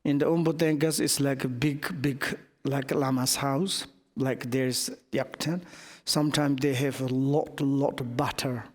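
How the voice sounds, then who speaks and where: A man giving a Buddhist teaching as a story, speaking halting with many restarts. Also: medium pitch, steady tone. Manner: halting non-native English, many restarts. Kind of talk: dharma teaching told as a story. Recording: long hall reverb.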